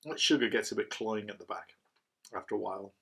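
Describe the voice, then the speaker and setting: Low-ish and husky with vocal fry, the voice moves fast and has a sharp edge. It belongs to a middle-aged man who rambles through a casual cider review, openly describing himself as a waffler.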